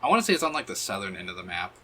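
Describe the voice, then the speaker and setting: Bright-voiced man swearing through gameplay. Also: sits low, big pitch swings, rapid-fire, a little hiss or hum. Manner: chatty, swears freely, thinks aloud. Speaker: streamer playing a video game. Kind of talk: casual gameplay commentary.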